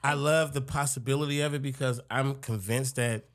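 Laid-back man rambling in a low voice. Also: fairly even intonation, normal speed, very noisy. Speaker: guest rapper. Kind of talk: casual chat.

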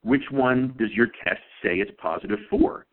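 A man's voice: medium pitch, sing-song, normal speed, gravelly. A man voicing a stern male insurance auditor who questions a chiropractor, heard over a tinny phone-like line. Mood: probing.

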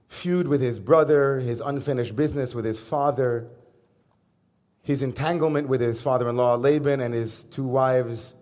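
A rabbi delivers a Sabbath sermon in a relaxed, chatty way, with light humor, frequent "uh"s and restarts. His voice sits at a middle pitch for a man. He speaks to a congregation. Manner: conversational, humorous, with pauses and fillers. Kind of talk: sermon with personal storytelling. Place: synagogue service before a congregation.

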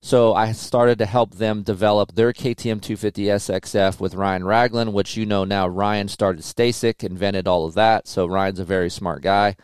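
A man's voice: lowish voice, fairly even intonation, normal speed, hardly any pauses, clean tone, no echo, clean studio sound. A middle-aged man, a motorcycle test rider, telling stories in a loose, casual way with lots of fillers and swearing. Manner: loose, profane, filler-heavy storytelling. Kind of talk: casual storytelling interview.

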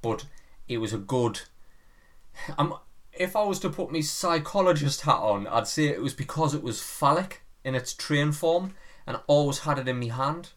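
A man's voice: a little high, expressive, normal speed. A man, co-hosting a casual comedy podcast and telling rambling childhood stories, swearing freely. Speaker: podcast co-host.

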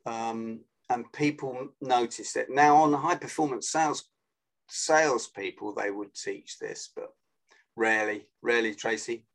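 A man, a guest on a video call interview, explaining with animated energy and acting out phone greetings. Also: mid-range voice, unhurried, low-quality recording. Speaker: guest, sales and influence trainer.

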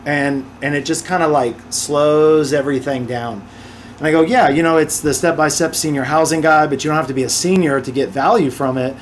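A man with a slightly higher voice than most talks through his experiences as an interview guest. He tells each story with animated energy and slips into quick impressions of other people along the way. A faint hiss sits under the recording. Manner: animated, acts out customers' voices in quick asides. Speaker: podcast guest, real estate investor and author.

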